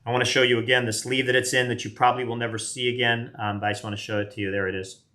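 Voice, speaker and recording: A man in his late fifties opens trading card packs on a live stream, doing a box break as a card collector. His medium-pitched voice is pushed and bright, with little pitch movement, and he talks very fast in a casual, rambling, self-deprecating way.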